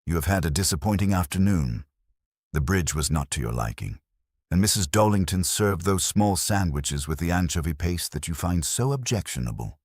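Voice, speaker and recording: A man doing a shrewd, fastidious old detective from a storybook mystery, with very deep, husky speech. His lines are precise and courteous, sprinkled with French phrases, and they move with lively turns of pitch in a dry, close sound. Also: no room sound. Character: fastidious older male Belgian detective, shrewd.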